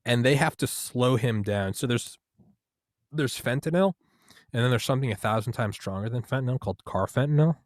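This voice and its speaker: A young man in casual comedic chat, rambling through jokes and bursting into loud shouted impressions. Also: mid-range voice, normal speed, no room sound, clean studio sound.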